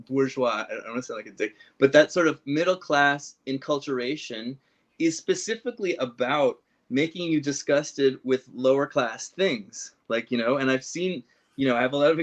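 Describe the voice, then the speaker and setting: A man in a casual political discussion, talking loosely with quick asides. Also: mid-range voice, expressive. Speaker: podcast guest. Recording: dull lo-fi audio.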